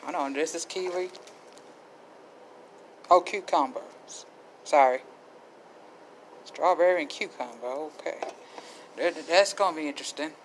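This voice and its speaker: Middle-aged woman vlogger, slow easy chat, blessings sprinkled in, faint background noise. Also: low voice, low-quality recording. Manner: slow, chatty, faith-filled asides. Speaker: vlogger showing a food haul. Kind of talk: casual chat to camera.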